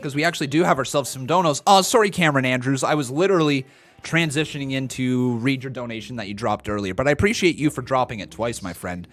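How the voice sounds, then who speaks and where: A man hosting a wrestling watch-along stream, reacting with excitement and reading out viewers' chat messages. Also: medium pitch, fast. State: out of breath. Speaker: live-stream host.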